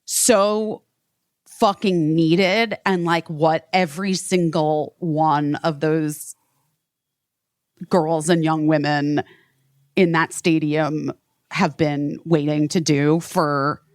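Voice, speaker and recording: A woman's voice: deep voice, steady tone, takes it slowly, dry recording, studio quality. A woman hosting a podcast in casual chat, rambling with lots of fillers and frequent swearing. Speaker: podcast host.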